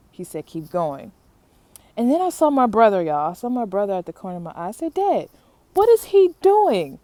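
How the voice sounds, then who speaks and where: A woman's voice: medium pitch, a little mellow, no room sound. A woman hosting a talk show, telling a personal story candidly to her listeners and laughing easily. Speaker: podcast host.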